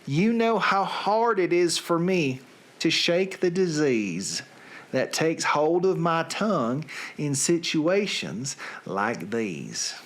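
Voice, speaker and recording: A man putting on a thick Southern US accent, reading song lyrics in a slow, drawn-out, deadpan recital. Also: a little high, full character voice. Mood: drawling. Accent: Southern US, put on. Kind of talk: comic dramatic reading.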